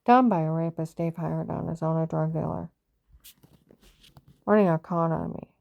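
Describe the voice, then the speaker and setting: A woman's voice: sits low, fairly even intonation, moderate pace, creaky, no echo, lo-fi sound. A woman telling a personal story in a rambling, agitated monologue, often reenacting conversations and repeating herself. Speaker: vlogger recounting a personal story.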